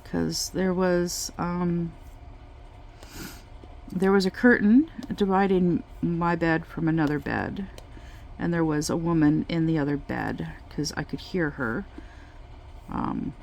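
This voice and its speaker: Woman, craft vlog chat, unhurried delivery, halting with pauses, gravelly edge. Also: fairly low pitch, a little mellow, slight background noise. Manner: slow, halting storytelling with many pauses. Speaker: craft vlogger. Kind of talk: casual chat while crafting.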